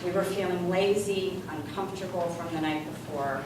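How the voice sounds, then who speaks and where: A woman giving a humorous storytelling speech as a guest speaker, with animated comic timing. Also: on the low side, moderate pace, noisy background. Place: large hall with live audience. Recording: echoey hall from far off. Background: room ambience and audience laughter.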